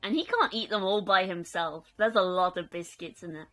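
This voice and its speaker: A woman's voice: lowish voice, moderate pace, a bit bright, faint music behind. A young woman chatting casually on a live stream, giggling often and reading out chat. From United Kingdom.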